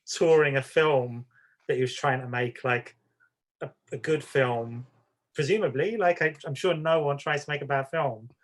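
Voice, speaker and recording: A man's voice: mid-range voice, normal speed. A man co-hosting a podcast, talking casually in a rambling, self-deprecating and wry way. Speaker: podcast co-host. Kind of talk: casual chat.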